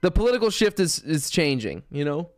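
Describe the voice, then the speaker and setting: A man's voice: fairly high pitch, big pitch swings, brisk, no room sound, studio quality. A man casually chatting as a streamer reacting to clips, rambling and swearing as he goes.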